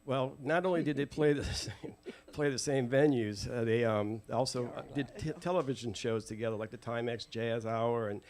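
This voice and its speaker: A man, a guest telling family stories to a live audience in an animated way, acting out quoted voices. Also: mid-range voice, normal speed. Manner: lively, acts out quoted voices, laughs often.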